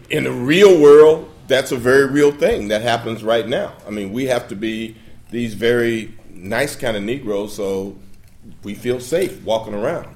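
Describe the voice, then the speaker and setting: A man, an actor on a press panel, answering a reporter's question in a measured, earnest way. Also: on the low side, darkish tone.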